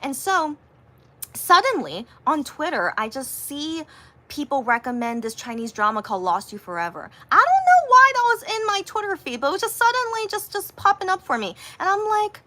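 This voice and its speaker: A chatty woman tells a long story to her viewers in a bright, forceful voice that sits a little high. She rambles with plenty of fillers and restarts. She lifts her voice whenever she acts out what someone said. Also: moderate pace. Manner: animated, acts out quotes in a higher voice. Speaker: livestreamer.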